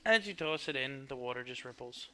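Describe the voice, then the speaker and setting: Bright-voiced, laughing male game master. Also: mid-range voice, animated, fairly quick. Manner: wry, laughs often. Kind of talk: narrating a tabletop game.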